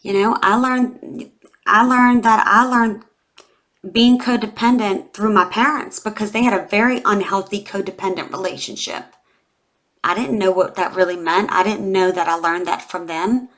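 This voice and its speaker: A tarot reader in her forties records an emotional vlog, near tears as she talks straight to her viewers, heartfelt and confiding, with many fillers. Her medium-pitched voice is steady and a bit bright, at a moderate pace.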